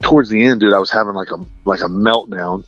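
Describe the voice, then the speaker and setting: A man's voice: on the low side, fast, a bit bright, dry recording, highs cut off, soft background music. A man telling stories as a radio interview guest, in a chatty, casual way, often saying "dude" and "like" and laughing between lines. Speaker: interview guest, Christian musician. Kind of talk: casual storytelling.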